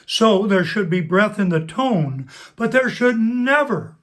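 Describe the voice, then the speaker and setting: A voice teacher talks through a singing lesson at an unhurried, very slow pace, spelling out each instruction. The delivery is deliberate and aimed straight at the student, with pitch in an ordinary middle range. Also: expressive, fairly bright tone. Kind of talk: spoken vocal lesson with sung demonstrations.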